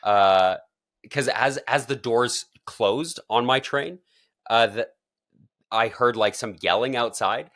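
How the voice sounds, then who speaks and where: A man's voice: mid-range voice, slow, a bit bright. A man co-hosting a podcast, chatting casually and animatedly, often breaking into laughter. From Canada. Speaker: podcast co-host. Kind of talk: casual chat.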